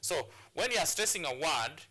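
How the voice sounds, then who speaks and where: Man, teacher, very bright voice, slightly high, repeats his points. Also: sing-song, moderate pace. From Kenya. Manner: repetitive, drilling points, many restarts and fillers. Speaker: English teacher. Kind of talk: classroom lesson on a TV show.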